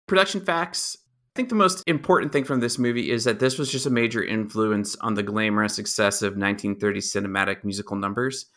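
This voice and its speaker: A young man co-hosting a podcast, explaining film history in a relaxed, informative way with a dry sense of humor. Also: lowish voice, gravelly. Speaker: podcast co-host. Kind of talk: casual movie review chat.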